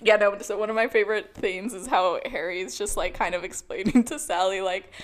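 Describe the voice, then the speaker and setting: A woman's voice: mid-range voice, a little fast, few pauses. A young woman co-hosting a film podcast who chats casually and keeps dropping "like" into her sentences. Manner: chatty, lots of "like" fillers. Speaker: podcast co-host. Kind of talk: casual chat.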